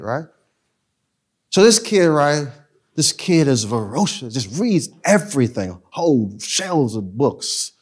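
Animated New pastor telling stories. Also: male voice, fairly high pitch, unhurried. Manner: animated, street-casual storytelling with sudden loud and soft swings. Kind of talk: storytelling talk.

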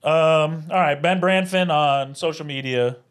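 A man's voice: a little high, measured pace, clear, resonant tone. A man co-hosting a casual comedy podcast, dry and laid-back, steering the talk and reading the outro. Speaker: podcast co-host.

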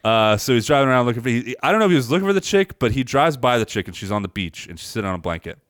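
A man co-hosting a podcast, casually recapping a movie scene and acting out the characters' lines in a higher voice. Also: big pitch swings, racing, fairly bright tone, no echo, studio quality. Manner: rambling storyteller, acts out lines in a higher voice. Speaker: podcast co-host.

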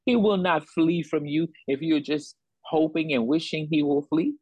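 A woman preaching in a call-and-response rhythm, leaning on repeated phrases to drive each point home. Her voice is breathy and soft-edged. The sound is dry and close, with no room around it. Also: deep voice, moderate pace, no room sound, rough recording. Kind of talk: sermon.

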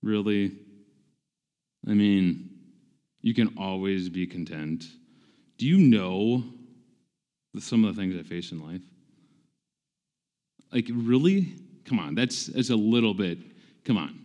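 A man's voice: fairly low pitch, expressive, takes it slowly, pauses often, warm tone, muffled recording. A pastor in his forties preaching a conversational sermon, emphatic and self-deprecating, often repeating himself for stress. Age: 40s.

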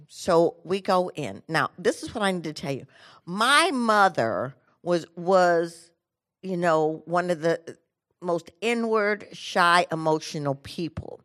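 A middle-aged woman from the United States giving an inspirational talk, telling a personal story with lively swings between energetic and hushed delivery. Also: unhurried. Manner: animated storyteller, drops to quiet low tones for emphasis. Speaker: inspirational speaker.

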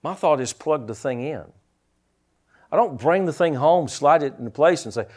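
A middle-aged man preaching a sermon. His voice sits a little high and moves a lot in pitch. He mixes lively preaching with teasing asides. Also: moderate pace. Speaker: pastor.

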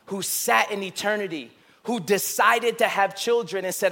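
A male pastor preaching a sermon, moving between loud emphatic bursts and hushed, slow, intimate passages. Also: high-pitched, gravelly. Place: church sanctuary.

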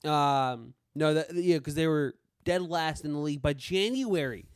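Casual male podcast co-host, higher-pitched, dry booth sound, keen and halting. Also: clear, resonant tone, no room sound. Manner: eager, stumbling restarts. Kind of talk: casual sports chat.

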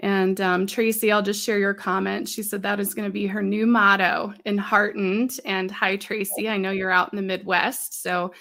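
A woman hosting a live-stream chat, warm and enthusiastic, affirming her guest and greeting viewers. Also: medium pitch, flat delivery, normal speed, gravelly, few pauses. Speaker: live show host.

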